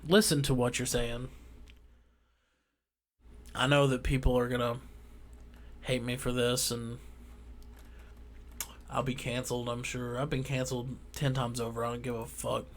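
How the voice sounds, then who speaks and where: A man with a drawl delivering a heated, profane ranting monologue as a vlogger, swinging between loud outbursts and quiet asides. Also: mid-range voice, flat delivery, measured pace, pauses often, a little hiss or hum.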